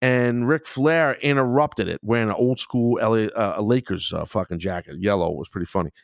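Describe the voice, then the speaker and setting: Excitable, profane middle-aged male podcast host. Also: lowish voice, brisk, vocal fry, dry recording, studio quality. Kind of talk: casual solo podcast chat.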